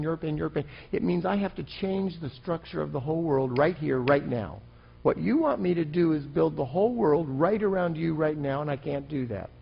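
A preacher doing the voice of God, tearful loving father, husky, gravelly, pleading, dull lo-fi recording. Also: a little high, exaggerated voice. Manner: pleading, tender and broken. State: choked up, near tears.

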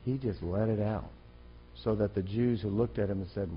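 A man's voice: on the low side, moderate pace, dull audio, a little hiss or hum. A man preaching an impassioned, emphatic sermon as a pastor.

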